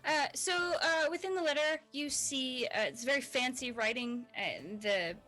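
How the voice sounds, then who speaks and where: A woman's voice: sits high, unhurried, bright, forceful tone, faint music behind, rough recording. A woman narrating and running a tabletop game as dungeon master.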